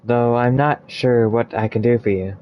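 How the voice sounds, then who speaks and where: A man's voice: mid-range voice, steady tone, moderate pace, muffled recording, lightly acted. Man voicing a chatty talking head in mud. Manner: chatty, pleading, easily annoyed. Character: cheerful thirsty talking male head buried in mud.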